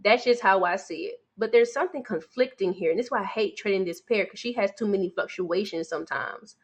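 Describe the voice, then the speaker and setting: Her medium-pitched voice runs a little fast with a breathy edge as this forex coach walks through charts on a live stream. Addressing viewers directly and casually, she calls them sweetie and baby.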